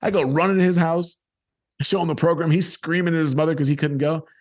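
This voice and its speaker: A man's voice: fairly high pitch, fairly even intonation, quick pace, darkish tone. A middle-aged man telling a personal childhood story and acting out the people in it.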